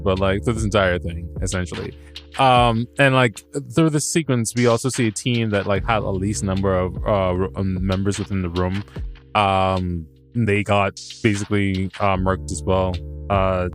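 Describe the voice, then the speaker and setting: A man hosting a podcast, recapping a show in a casual, rambling way, stammering and restarting, laughing at himself and swearing freely. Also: lowish voice. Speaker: podcast host reviewing a show.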